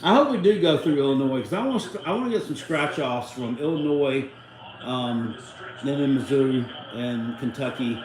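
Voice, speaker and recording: A man's voice: medium pitch, expressive, moderate pace, roomy sound, noisy background. A middle-aged man, hosting a live watchalong stream in a casual, rambling way and cussing freely. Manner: rambling, salty, cusses freely. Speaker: livestream host.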